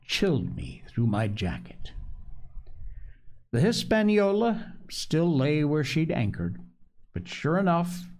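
A man narrating a storybook in an expressive, measured voice. His pitch moves in lively swings while he keeps an unhurried pace, lingering over each phrase. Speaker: audiobook reader.

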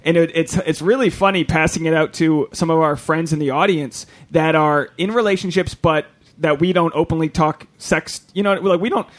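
A man's voice: on the high side, steady tone, normal speed, hardly any pauses. A man, a podcast host and stand-up comedian, chatting casually with plenty of restarts. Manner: rambling, many restarts and fillers. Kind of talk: casual chat.

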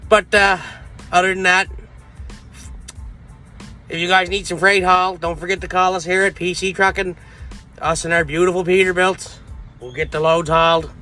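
Loud cussing trucker guy, high bright voice, telling road stories from his cab, little bit of music behind. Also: flat delivery, normal speed, long pauses. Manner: profane, boisterous, laughing storyteller. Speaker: truck driver vlogger. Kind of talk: casual storytelling vlog.

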